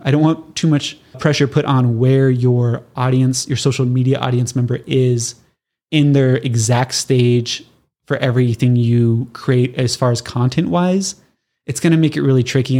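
A man's voice: mid-range voice, normal speed. Socal guy talking through tips on his podcast, laid back, laughs a lot, plays out what his listeners would say. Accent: Southern Californian. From Southern California. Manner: conversational, animated, laughs often, acts out listener reactions. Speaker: podcast host. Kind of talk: casual solo podcast teaching.

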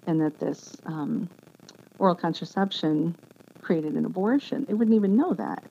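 A woman giving an earnest, emotional personal testimony as an interview guest, speaking haltingly with many restarts. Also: on the low side, vocal fry, warm tone. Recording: dull lo-fi sound with faint background noise.

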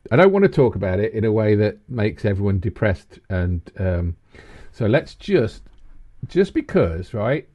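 A man in his fifties co-hosting a casual chat, rambling and animated. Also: a little slow, breathy edge. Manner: animated, rambling, breaks into high laughs. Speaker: co-host. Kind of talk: casual banter.

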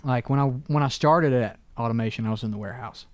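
Man, mid pitch, earnest and plain-spoken, dry recording. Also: fast talker, no room sound. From North Georgia. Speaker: musician guest. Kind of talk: casual interview chat.

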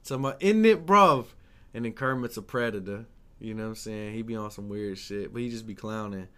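A young podcast co-host chats casually in a lowish, steady voice that's fairly quick, clear and resonant. His speech is laid-back and profane, full of slang and swearing, with frequent "you know what I'm saying."

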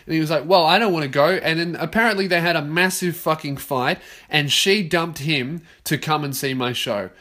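A man in his twenties talks a bit higher than most men. He rambles through a solo podcast, swearing freely and laughing at his own jokes. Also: normal speed, hardly any pauses, pushed and bright. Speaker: podcast host. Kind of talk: casual solo podcast rant.

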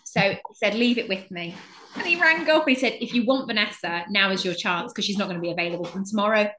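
A woman's voice: medium pitch, quick pace, roomy sound, a little hiss or hum. A woman from England in her thirties, a guest telling a story in casual chat and acting out what everyone said. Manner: animated storyteller acting out quoted voices.

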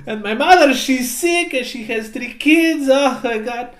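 A male cat swordsman wails and begs for his life in a high, strained voice, as a man puts him on. Each plea rises higher than the last. The sound carries a roomy echo. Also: unhurried, a bit bright. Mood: pleading. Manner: high, wailing, begging. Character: pleading male cat swordsman, begging for mercy.

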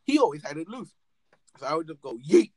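A man's voice: fairly high pitch, sing-song, fast, a bit bright, dry recording, rough recording. A young man hosting a casual podcast chat, telling stories with lots of swearing and laughter. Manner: storytelling, swears freely, laughs often. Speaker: podcast host.

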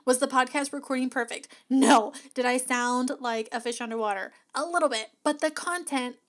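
A woman's voice: high-pitched, normal speed. A woman hosting her own podcast, talking casually and encouragingly with frequent laughs, recorded on a podcast mic. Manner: chatty, upbeat, encouraging, laughs often. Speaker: podcast host and business coach. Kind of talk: casual motivational podcast talk. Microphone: podcast mic plugged into an audio box.

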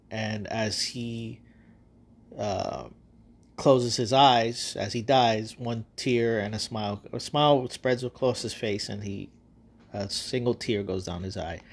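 A man hosting a podcast, casually recapping his own stories in a loose, rambling way with frequent fillers and swearing. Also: medium pitch. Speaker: podcast host. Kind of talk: casual storytelling monologue.

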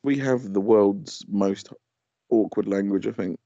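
A man's voice: fairly low pitch, measured pace, vocal fry, mellow, no echo. A man co-hosting a podcast in casual chat, grumbling good-naturedly about things that irritate him. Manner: chatty, grumbling about pet peeves. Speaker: podcast co-host. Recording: dull lo-fi podcast audio.

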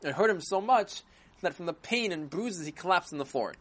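A storyteller narrates a children's story in a casual, animated way, often restarting phrases. The pitch moves lively throughout, keeping young listeners engaged. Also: brisk.

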